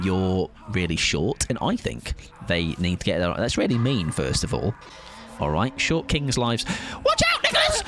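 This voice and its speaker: A man chatting casually with his viewers while he plays a game on a livestream. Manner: chatty, greets chat, yelps in high bursts during play. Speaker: streamer. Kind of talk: casual gaming livestream chat.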